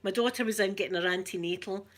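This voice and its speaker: A woman's voice: medium pitch, fast talker. An older Scottish woman talking casually to viewers on a livestream, rambling and correcting herself and laughing often. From Scotland. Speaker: livestream host. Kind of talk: casual live chat with viewers.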